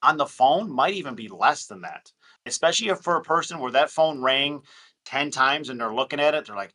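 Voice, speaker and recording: A man with a bright, forceful voice talking shop on a casual group call. He is animated and slips into quick impressions of callers as he talks. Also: mid-range voice. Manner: animated, acts out phone calls in quick voices. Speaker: real estate investor.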